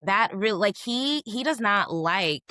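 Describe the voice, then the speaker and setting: A woman's voice: mid-range voice, lively intonation, slow pace, bright, forceful tone, dry recording, studio quality. A woman co-hosting a casual podcast recap, talking emphatically and firing off pointed questions. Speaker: podcast co-host.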